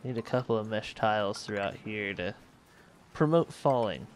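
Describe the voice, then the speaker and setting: A man's voice: fairly low pitch, expressive, normal speed, slight background noise. A man hosting a let's play, thinking aloud and correcting himself as he manages a space colony game. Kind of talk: casual gameplay commentary.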